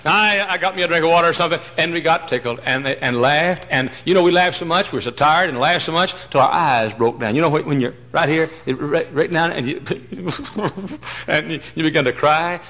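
Folksy storytelling male preacher, bright voice. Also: a little high, moderate pace, rough recording. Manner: folksy storytelling, swings from loud mock-pompous to hushed. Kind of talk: sermon.

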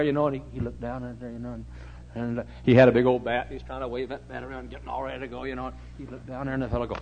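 A man preaching a storytelling sermon in a church, talking animatedly and getting suddenly loud when he acts out shouted commands. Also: mid-range voice, flat delivery, racing, lo-fi sound, slight background noise. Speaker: pastor.

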